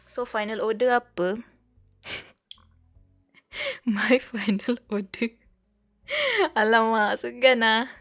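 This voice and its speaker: A young Malaysian woman streams as a VTuber, chatting casually and switching between English and Malay in a Malaysian English accent. She speaks slowly and pauses often, her voice on the high side and a bit bright. There's faint background music.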